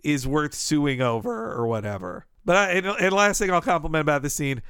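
Chatty man with a clear, higher voice. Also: lively intonation, brisk, a bit bright, no echo, studio quality. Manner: chatty, laughs often, acts out quotes. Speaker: podcast co-host. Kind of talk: casual chat.

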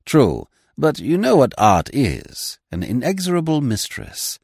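A man voicing a young gentleman who speaks with elaborate, drily witty politeness. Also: medium pitch, huge pitch swings, measured pace, gravelly, husky, no echo, clean studio sound, voice pushed up, exaggerated voice. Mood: suave. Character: suave, languid young English gentleman.

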